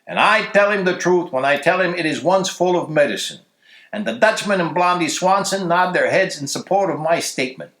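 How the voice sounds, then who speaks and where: A man reading a story aloud for a church story hour, telling it in a lively, expressive way, recorded in a church. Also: sits high, brisk, reverberant. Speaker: story reader.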